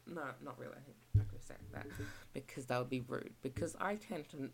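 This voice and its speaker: Low, gravelly Australian young woman rambling. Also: animated, brisk. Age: young adult. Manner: rambling, chatty, acts out shop exchanges. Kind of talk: casual rant vlog.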